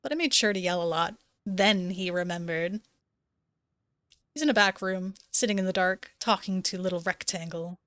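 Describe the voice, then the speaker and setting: A woman's voice: fairly low pitch, normal speed, a bit bright, no room sound, lightly acted. Woman voicing a curt, grumpy male cat. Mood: grumbling. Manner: clipped, broken grammar. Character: smug, demanding male house cat.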